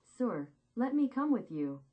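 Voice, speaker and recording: Brief: desperate young soldiers, read by a woman, short begging cries, pitch a touch up. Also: sing-song, measured pace, warm tone. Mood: pleading. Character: young male paratroopers pleading with their officer.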